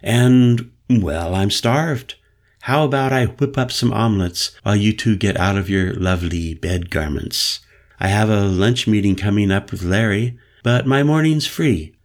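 A man's voice: on the low side, unhurried. A man voicing a cheery, prim middle-aged mother.

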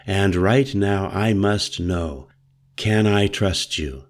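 A man doing a gruff, urgent big older man. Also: low voice, slow. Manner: urgent, clipped orders. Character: big lumbering older man, agitated and commanding.

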